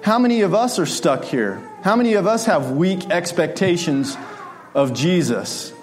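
A man's voice: high voice, expressive, moderate pace, faint music behind. A man preaching a sermon in a conversational way, often asking his listeners rhetorical questions.

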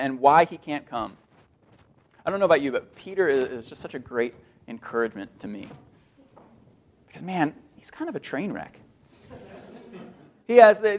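A man preaching a sermon in an earnest, animated way. His voice sits fairly high for a man. He often repeats a word mid-sentence as he goes. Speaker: pastor.

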